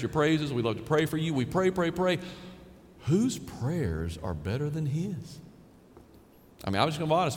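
A male pastor delivers a sermon from a large sanctuary, his voice trailing into a long hall reverb over a faint hum of room noise. He talks to the congregation in a casual, emphatic way, repeating key phrases for stress. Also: fairly high pitch.

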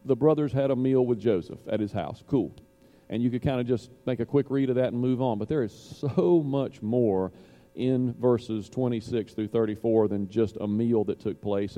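A man's voice: medium pitch, mellow. A man preaching a sermon, reading scripture and explaining it in a conversational way with many asides and restarts. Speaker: pastor.

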